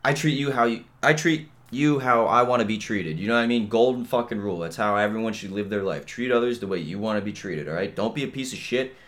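A man's voice: on the low side, quick pace, hardly any pauses, fairly bright tone. A young man hosting a podcast, ranting bluntly and swearing constantly, with lots of filler and "you know what I mean.". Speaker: podcast host. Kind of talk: casual rant.

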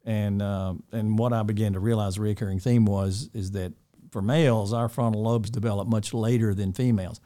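A man's voice: fairly low pitch, fairly even intonation, fairly quick, few pauses. An older man, a school dean, chatting in an interview with many restarts and fond chuckles. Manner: rambling, warm-hearted, with many restarts and chuckles. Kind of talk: casual interview chat.

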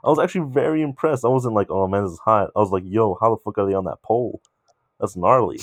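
A man's voice: fairly low pitch, fast talker, no echo. Young man telling a rambling story. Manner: animated, rambling, swears freely. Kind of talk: casual storytelling chat.

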